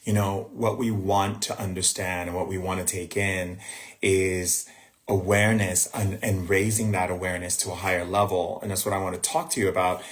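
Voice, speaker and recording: A man's voice: low voice, flat delivery, normal speed. A man hosting a livestream as a spiritual teacher, talking conversationally and rambling with restarts and asides, sometimes muttering to himself. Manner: distracted by screen trouble, muttering to himself. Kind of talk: live-streamed spiritual talk.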